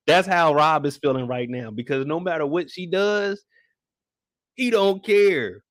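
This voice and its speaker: A young man giving a casual live recap of a TV episode, talking in animated, slangy, profane banter. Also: on the high side, measured pace, dry recording, clean studio sound. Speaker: show recap host.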